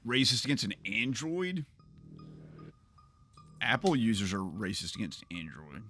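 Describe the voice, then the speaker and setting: A man's voice: lowish voice, expressive, measured pace, sharp tone, soft background music. A man with a Southern US accent chatting loosely with viewers while he streams a video game, rambling and laughing often. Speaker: gaming streamer. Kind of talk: casual livestream chat while playing.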